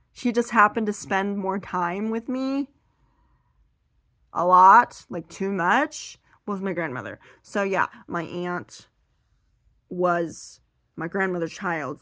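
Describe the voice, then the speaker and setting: A woman's voice: mid-range voice, lively intonation, measured pace, a bit bright, no echo, clean studio sound. A young woman with a slightly strained voice doing a seated stand-up monologue. She swears freely and acts out her relatives in quoted voices. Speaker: stand-up comedian.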